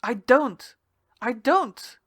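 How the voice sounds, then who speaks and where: A woman voicing a frightened young lighthouse keeper who yells his replies in panic. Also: fairly high pitch, expressive, drawn-out words, no room sound, voice pushed up, full character voice. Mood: defiant. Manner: shouting in panic. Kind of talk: storybook reading.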